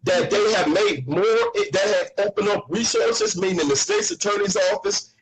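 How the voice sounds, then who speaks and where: A man's voice: high voice, moderate pace, poor audio. A man in a heated argument, insistent, repeating his questions and talking over the other man.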